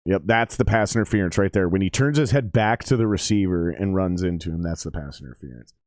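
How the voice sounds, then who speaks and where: A man's voice: low-pitched, fairly quick, no echo, studio quality. A man in his forties giving casual, profane live-stream commentary on a football game and chatting with his viewers.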